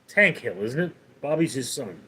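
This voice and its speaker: A man's voice: medium pitch, big pitch swings, normal speed, sharp tone, husky. A man hosting a casual livestream, reading viewer comments aloud and rambling with many fillers and restarts. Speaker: livestream host.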